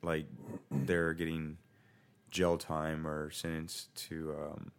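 A man's voice: rumbling low, monotone, slow. A man co-hosting a podcast in casual chat, joking and laughing at his own puns. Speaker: podcast co-host.

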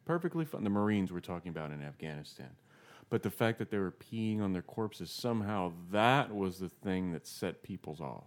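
A man's voice: low-pitched, moderate pace, few pauses. A man co-hosting a podcast in casual chat, rambling and wry, often restarting his sentences. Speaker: podcast co-host.

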